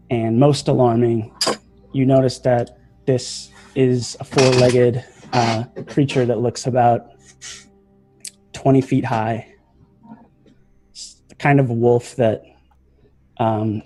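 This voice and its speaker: Male game master, slow and descriptive, middling pitch. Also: mellow. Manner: descriptive, with many fillers. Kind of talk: narrating a tabletop game.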